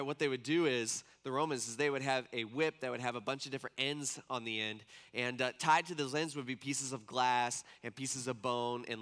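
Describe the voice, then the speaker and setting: A man preaching a sermon as a casual, animated story, acting out the quotes of the people in it. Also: mid-range voice.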